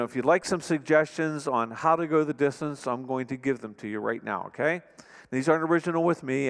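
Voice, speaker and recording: A man's voice: medium pitch, big-room sound. A man preaching a sermon as pastor, in a conversational way, sometimes acting out the quarrels of married couples.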